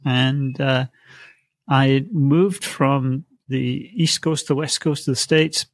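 Middle-aged man, psychic guest; halting, restarts often, wry chuckles; dry close mic. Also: medium pitch, fairly even intonation, dry recording. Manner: hesitant, many fillers and restarts, wry chuckles. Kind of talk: conversational storytelling.

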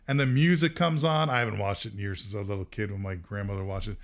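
Animated man telling a story. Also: lowish voice, fast talker. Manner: animated, laughs often, acts out quotes. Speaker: podcast host. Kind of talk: casual storytelling.

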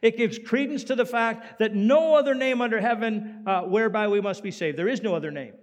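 A male pastor preaching a sermon in an animated way, swinging from loud emphasis down to quiet. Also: sits high, fairly quick. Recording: long hall reverb.

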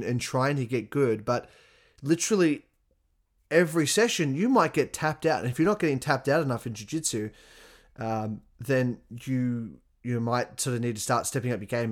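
A young adult man talking in a casual monologue, swearing often and laughing as he speaks. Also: mid-range voice.

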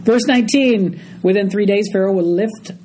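A man's voice: sits high, normal speed, darkish tone, slight background noise, poor audio. A man teaching a group Bible study, explaining a passage verse by verse and often checking in with his listeners.

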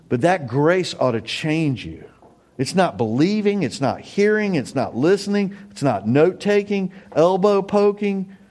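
A man's voice: lowish voice, darkish tone. A middle-aged male pastor delivering a sermon in an earnest, conversational tone. He talks plainly to his listeners, then lifts his voice sharply to drive a point home. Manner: earnest, conversational preaching with emphatic rises.

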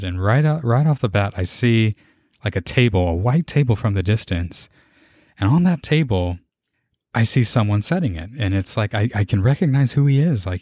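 A young man hosting a podcast, giving an earnest, halting and emotional personal faith testimony. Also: lowish voice, a little mellow, no room sound, studio quality. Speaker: podcast host.

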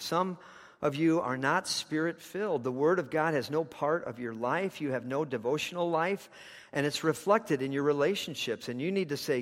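A man's voice: fairly high pitch, in a large hall. A man preaching a sermon, telling a story with passion, his intensity rising and falling.

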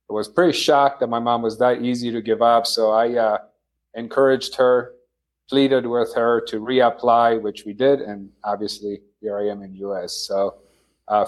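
A man from Poland, a company founder, answering interview questions in a relaxed, measured way with many fillers. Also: mid-range voice. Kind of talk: casual interview.

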